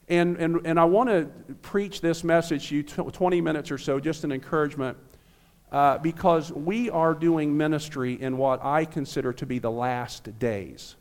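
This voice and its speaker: A man's voice: medium pitch, smooth. An American man in his fifties, a visiting pastor, preaching a friendly, earnest sermon to a small church. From United States. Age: 50s. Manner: friendly, joking with the crowd, then earnest preaching.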